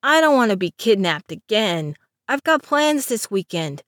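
A woman's voice: medium pitch, very animated, measured pace, fairly bright tone, no echo, studio quality. A woman voicing an anxious young man who whines and speaks dryly. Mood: whiny. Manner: whiny, sarcastic.

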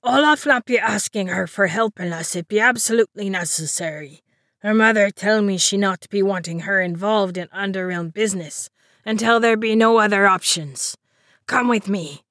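A woman voicing a gruff male river troll who speaks in broken grammar. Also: medium pitch, moderate pace, fairly bright tone, no echo, clean studio sound, lightly acted.

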